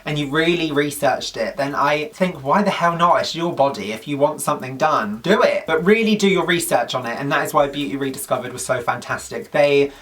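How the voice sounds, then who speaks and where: A man's voice: a little high, fairly quick, hardly any pauses, fairly bright tone, far from the mic. A man vlogging to camera in a chatty, gushing, upbeat way. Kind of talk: casual talk to camera.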